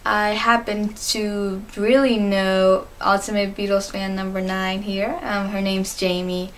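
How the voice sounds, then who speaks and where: A teenage girl talks straight into her camera for a casual vlog. She is chatty and gushing, with lots of fillers and quick giggles, at an ordinary mid-range pitch for a woman. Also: level tone, a bit bright, slight background noise. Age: teens. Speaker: fan answering interview questions.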